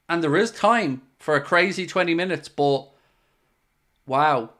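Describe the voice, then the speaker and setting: A man hosting a live football watchalong stream, chatting casually, answering viewer messages and bursting out loud when goals go in. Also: fairly high pitch, measured pace. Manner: excitable, swings between chatty asides and loud bursts at goals. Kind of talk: live casual commentary and chat.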